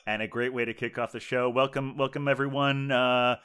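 A man's voice: mid-range voice, level tone, a little fast, fairly bright tone, clear, resonant tone. A man hosting a casual podcast over a remote call, talking in a rambling way with many restarts. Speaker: podcast host.

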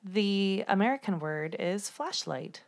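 A woman co-hosting a podcast who asks the quiz questions, brisk and matter-of-fact. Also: medium pitch, lively intonation. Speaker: podcast co-host, quizmaster. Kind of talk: casual quiz chat.

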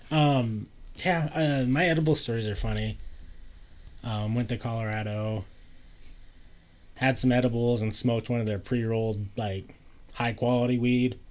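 Male host, relaxed casual storyteller, easy laugh, mid voice. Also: mid-range voice, a little slow, pauses often. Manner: laid-back, laughs often, fillers like "like". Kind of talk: casual chat.

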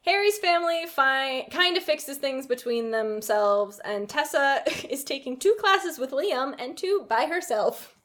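A woman's voice: high-pitched, lively intonation, a little slow, few pauses, fairly bright tone. A young woman co-hosting a podcast, recapping a book chapter by chapter with a wry, sarcastic tone and frequent laughter. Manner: giggly, wry and sarcastic, often breaking into laughter. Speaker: podcast co-host. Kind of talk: casual book recap with read-aloud excerpts.

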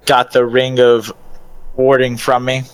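A man with a mid-pitched voice chats casually as a player in a tabletop game. His replies are offhand and joking. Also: monotone, a little slow, clear, resonant tone, no room sound, low-quality recording.

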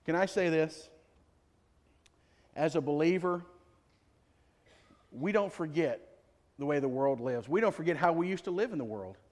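High-voiced pastor preaching in a hall. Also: male voice, expressive, normal speed, long pauses, darkish tone. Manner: conversational, jokey, full of rhetorical questions. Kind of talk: sermon. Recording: long reverb of a large hall.

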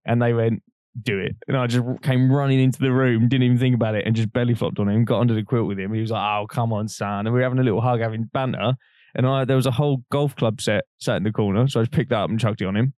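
A man's voice: mid-range voice, fairly even intonation, rapid-fire, darkish tone, no room sound, studio quality. A young man, co-hosting a podcast and telling a long, rambling story in casual chat, laughing often and swearing freely. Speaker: podcast co-host.

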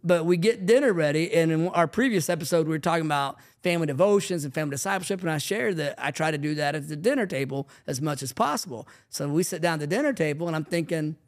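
A man co-hosting a podcast, telling family stories in a lively casual chat. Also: fairly high pitch, fast, hardly any pauses. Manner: animated storyteller acting out quoted family lines. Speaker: podcast co-host, family ministry leader.

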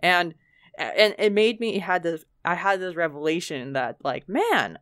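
A woman with a fairly low voice talks in a loose, casual podcast chat. She is blunt, swears freely and leans on filler words. Her voice is close and dry, with no room sound. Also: animated, measured pace, fairly bright tone, no room sound.

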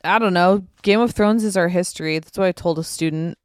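A woman's voice: lowish voice, a little fast, smooth, dry recording, studio quality. A woman in casual chat who tells stories and acts out quoted exchanges.

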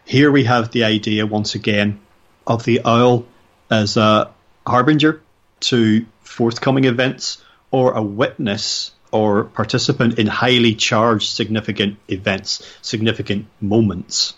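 Man, lowish voice, measured articulate host, muffled lo-fi line. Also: steady tone. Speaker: podcast host. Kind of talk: interview questions and reflections.

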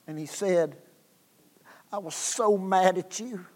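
High-pitched preacher in a reverberant hall. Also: male voice, slow pace, long pauses. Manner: swings from hushed to shouted, repeats words. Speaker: guest preacher. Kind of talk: revival sermon storytelling. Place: church sanctuary.

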